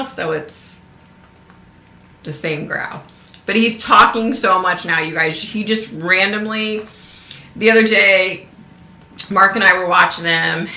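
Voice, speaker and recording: A woman's voice: fairly low pitch, bright, forceful tone, roomy sound. A middle-aged woman chatting casually on her livestream, telling stories with lots of laughs and acted-out quotes. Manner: chatty storyteller, laughs often, acts out quotes. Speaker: vlogger.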